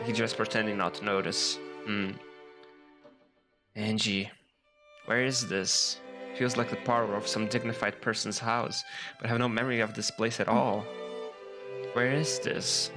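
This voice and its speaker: A man's voice: on the low side, steady tone, measured pace, long pauses, close to an everyday voice. A man reading out a frightened young woman. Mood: puzzled. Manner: first-person narration, growing panicked. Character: frightened young woman trapped in a dark room. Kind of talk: reading a visual novel aloud. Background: loud game music.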